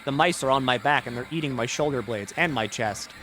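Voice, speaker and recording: A man streaming a video game, reading its text aloud in a low mutter and breaking into rambling, jokey asides full of "like". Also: brisk, fairly bright tone. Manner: jokey, irreverent, swears.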